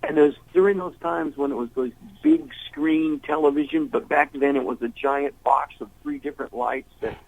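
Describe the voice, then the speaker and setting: A man's voice: fairly high pitch, fairly even intonation, moderate pace, vocal fry, few pauses, narrow, tinny audio. An older man, a blues singer interviewed as a guest, telling rambling anecdotes and acting out the voices of people in them. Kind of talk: casual storytelling interview.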